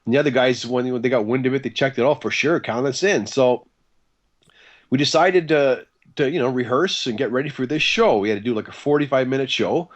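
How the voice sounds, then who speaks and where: A man, a guitarist being interviewed, telling stories in a casual, animated way and acting out the dialogue he quotes. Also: mid-range voice, a little fast. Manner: animated, acts out quoted dialogue, chatty with fillers. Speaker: guest guitarist.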